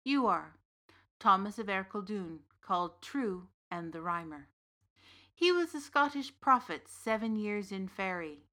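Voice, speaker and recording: A woman reading the part of a big, gently knowing uncle from the fairy realm in an audiobook story. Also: medium pitch, animated, unhurried. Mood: calm. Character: big warm Irish uncle, old fairy king's son.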